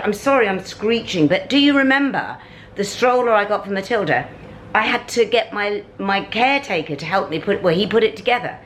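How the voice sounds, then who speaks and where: A middle-aged British woman talking to camera in a casual vlog, ranting animatedly with big swings in pitch. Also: expressive, a little fast, a little hiss or hum, low-quality recording. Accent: British English. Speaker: vlogger. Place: at home and out on a city street.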